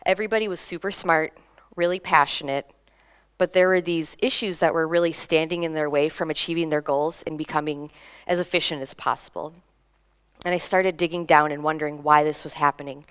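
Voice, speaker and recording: A young woman from Minnesota giving a lively conference talk, laughing between points and drawing in the audience. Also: deep voice, fairly quick, clean tone. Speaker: conference speaker. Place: conference hall.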